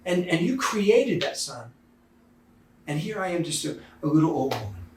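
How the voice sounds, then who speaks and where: A preacher retelling the words of a wise, humble old village woman in a gentle, reverent way, in a roomy church. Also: on the high side, very animated, moderate pace, noisy background.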